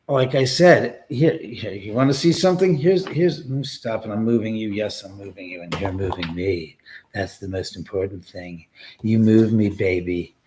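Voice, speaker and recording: A man hosting a casual livestream from his house, telling a story in a rambling, profane, animated way. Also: on the low side, slight background noise. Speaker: livestream host. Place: his own house, indoors.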